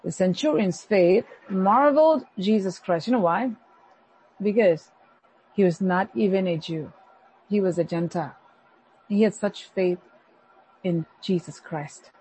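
A woman pastor preaching a sermon, animated, acting out the complaints of the people she preaches about. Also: medium pitch, unhurried, long pauses, breathy edge, low-quality recording.

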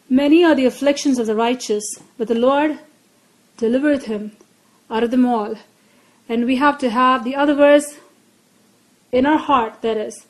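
A woman's voice: fairly high pitch, darkish tone, low-quality recording. A woman preaching a Bible lesson, earnest and repeating her key phrases for emphasis. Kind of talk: Bible teaching.

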